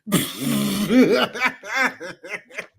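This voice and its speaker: A man co-hosting a podcast with a very lively voice that jumps up and down in pitch. He talks in a loose, casual way and keeps breaking into laughter and loud, animated riffs. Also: very slow, gravelly, a crowd in the background. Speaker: podcast co-host. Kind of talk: casual chat.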